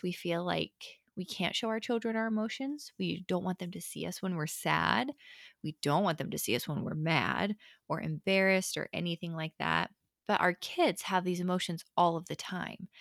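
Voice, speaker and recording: A woman's voice: lowish voice, vocal fry, a bit bright, no room sound, clean studio sound. A young woman, a mother, co-hosting a podcast and giving candid, chatty advice on parenting. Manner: candid and chatty, many fillers. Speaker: podcast co-host. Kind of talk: casual advice talk.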